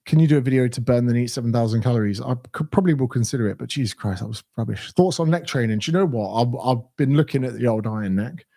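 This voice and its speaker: Blunt sweary English fitness coach. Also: male voice, medium pitch, quick pace, few pauses, warm tone. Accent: southern English. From England. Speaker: fitness coach answering viewer questions. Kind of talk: casual Q&A livestream.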